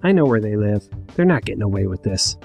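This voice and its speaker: A man's voice: fairly low pitch, sing-song, fast, gravelly, darkish tone, soft background music. A man voicing his tough, loyal teenage friend who speaks urgently and insistently.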